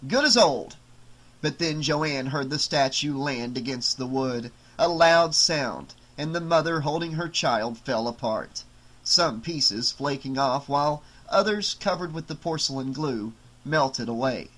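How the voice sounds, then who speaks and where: A man narrating an unabridged audiobook in a measured, dramatic storytelling way. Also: mid-range voice, a bit bright, poor audio.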